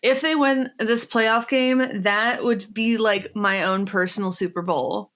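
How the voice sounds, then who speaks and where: A woman's voice: medium pitch, unhurried. A woman co-hosting a podcast, chatting casually and telling a story with lots of laughter. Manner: laughing often, excited storytelling. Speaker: podcast co-host. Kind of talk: casual chat.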